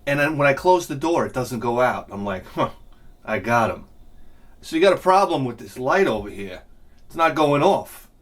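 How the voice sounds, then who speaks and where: A middle-aged man telling a rambling, self-mocking comic story with lots of swearing and loud bursts of laughter. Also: mid-range voice, lively intonation, fairly quick. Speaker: video game collector vlogger.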